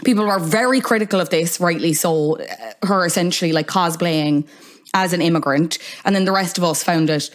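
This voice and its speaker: A woman's voice: on the low side, moderate pace. Chatty Irish woman hosting a podcast. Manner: chatty and wry, with asides. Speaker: podcast host. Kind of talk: casual podcast monologue.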